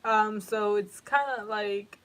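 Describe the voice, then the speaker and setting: Young woman, unhurried, chatty emotional tarot reader who swears a lot. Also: medium pitch, fairly bright tone. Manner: emotional, profane, rambling with many fillers. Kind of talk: casual tarot reading to camera.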